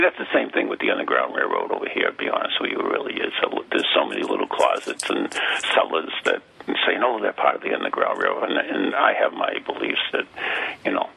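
Gravelly New man hosting. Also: rumbling low, bright, forceful tone. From New England, USA. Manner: chatty, showman-like, with fillers. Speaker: host. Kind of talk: casual podcast chat. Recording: dull lo-fi audio.

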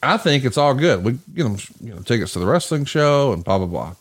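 A man hosting a casual podcast conversation, telling a long story in a profane, animated way. He slips into the voices of the people he quotes, then drops back into his easygoing mid-range delivery. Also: mid-range voice, fairly quick, slightly rough. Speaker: podcast host.

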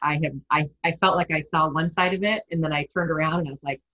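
A woman's voice: low voice, fairly even intonation, quick pace, a bit bright, highs cut off. A woman hosting a casual interview, enthusiastic and prone to restarting her sentences. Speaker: interview host.

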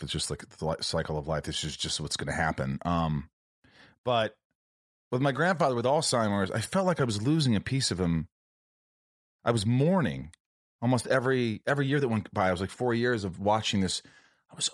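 A man's voice: fairly low pitch, no echo, clean studio sound. A man hosting an interview, talking candidly and emotionally with casual swearing. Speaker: podcast host.

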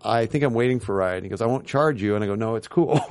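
A man's voice: medium pitch, expressive, quick pace, a little mellow. A man guest in a casual interview, telling rambling anecdotes full of tangents and acted-out quotes. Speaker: guest, TV writer and producer.

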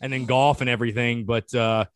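A man, hosting a podcast in a relaxed, casual chat and often repeating his words. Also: mid-range voice, fairly quick, a little hiss or hum. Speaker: podcast host.

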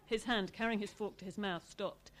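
A woman author reading aloud from her own novel in a measured, expressive way. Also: mid-range voice, a little hiss or hum.

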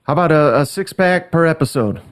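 Man with a slightly high voice giving sports analysis. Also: animated, brisk. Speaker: podcast host and guest. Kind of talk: sports talk radio analysis.

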